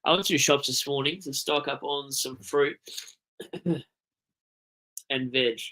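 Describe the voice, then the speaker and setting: Speaking slowly at a medium pitch, a young Australian man hosts a livestream with a stuffy nose. He wanders casually from topic to topic, swears, and breaks into animated bursts.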